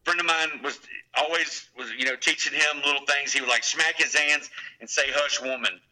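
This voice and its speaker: A man's voice: a little high, steady tone, a little fast, pushed and bright, poor audio. A man in his forties telling loose, crude, joking anecdotes in casual chat. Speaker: guest, pub owner.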